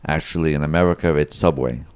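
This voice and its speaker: A man with a very low, smooth voice, answering questions as a guest on a casual podcast. He speaks in short, literal statements. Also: quick pace, a little mellow, dry recording. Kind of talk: casual chat.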